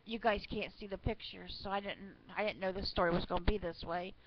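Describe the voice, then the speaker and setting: A woman's voice: medium pitch, fairly even intonation, a little fast. A woman casually reading funny church stories aloud to her listeners, chatty, with fillers and asides. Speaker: online reader of church stories. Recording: slightly muffled with faint noise.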